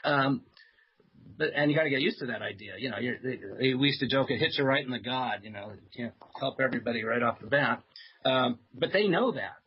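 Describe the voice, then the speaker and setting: A man who is a psychiatrist, telling stories as a guest on a talk radio show, hesitant with fillers and soft laughs. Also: medium pitch, lively intonation, fairly quick, breathy edge. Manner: chatty storyteller with many fillers and soft laughs. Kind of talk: radio interview anecdote. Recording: dull lo-fi radio audio.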